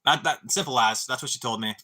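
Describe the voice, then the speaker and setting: A man's voice: medium pitch, fast, bright, forceful tone. A young man telling a long story on a live stream, rambling and swearing, with stammering restarts and constant "dude" and "bro.".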